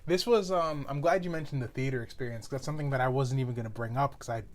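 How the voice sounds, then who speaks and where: Man talking in halting, restarting sentences. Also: mid-range voice. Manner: thoughtful, restarts sentences while searching for words. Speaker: podcast co-host. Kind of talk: casual chat.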